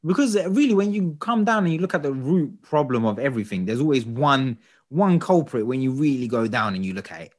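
A man co-hosting a podcast, talking in casual chat with an animated, exasperated, ranting manner. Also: medium pitch, fairly quick. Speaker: podcast co-host.

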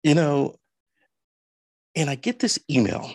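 Host, male, gravelly husky voice, storyteller who acts out quotes, dry close sound. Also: on the high side, animated, takes it slowly, a little mellow, no echo. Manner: anecdotal, acts out quoted people. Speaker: interview host. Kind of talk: conversational interview with storytelling.

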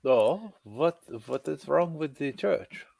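A man voicing an earnest stranded doctor who speaks in broken, halting English. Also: a little high, expressive, gravelly, warm tone, no room sound, exaggerated voice.

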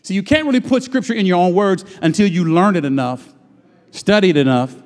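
A pastor preaching a sermon, swinging from loud shouted lines to low murmurs and drawing out his phrases. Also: animated, brisk. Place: church sanctuary. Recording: long hall reverb.

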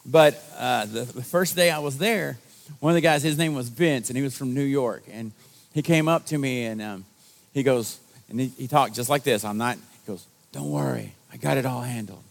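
A man's voice: mid-range voice, normal speed. A male pastor giving a sermon to his congregation in a conversational, self-deprecating storytelling manner. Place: church service.

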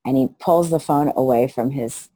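A woman's voice: very deep voice, moderate pace, husky, dry recording. A middle-aged woman, a missionary guest in an interview, telling stories with animation and acting out the people she quotes. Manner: animated storyteller, acts out quoted voices. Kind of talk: storytelling interview.

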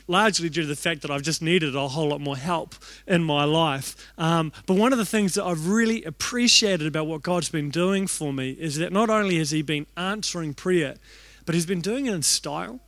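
A young man preaching a storytelling sermon in an animated, self-deprecating way, acting out the thoughts he quotes. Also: a little high, dry recording.

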